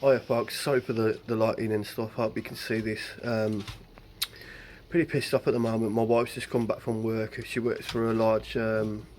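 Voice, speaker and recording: A man's voice: on the low side, little pitch movement, normal speed, a little mellow, a little hiss or hum. An angry man ranting and swearing into his phone camera about what his wife saw. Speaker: husband venting on camera. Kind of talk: angry home video rant.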